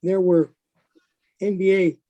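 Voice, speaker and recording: A blunt older man with a fairly high but mellow, darker voice. He recalls a battle in loose, unscripted talk and swears freely along the way. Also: flat delivery, slow pace, lo-fi sound. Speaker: veteran recounting a battle. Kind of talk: unscripted recollection.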